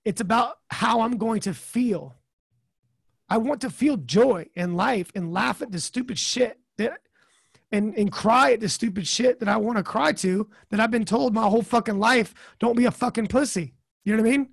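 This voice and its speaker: High, gravelly, swearing podcast host. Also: male voice, moderate pace, no room sound, studio quality. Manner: blunt, swears freely, rambling asides. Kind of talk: casual podcast chat.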